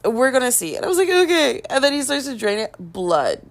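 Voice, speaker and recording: A woman vlogger telling a casual story, acting out the quoted dialogue and playing up her own panic in a dramatic, self-mocking way. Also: quick pace. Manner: animated storytelling, acting out quoted dialogue with big pitch jumps.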